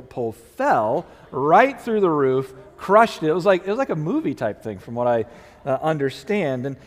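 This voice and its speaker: A man's voice: fairly high pitch, long reverb tail. A man preaching a sermon, telling a family story and acting out the people in it before moving to scripture. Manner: animated storyteller, acts out quoted voices. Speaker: pastor.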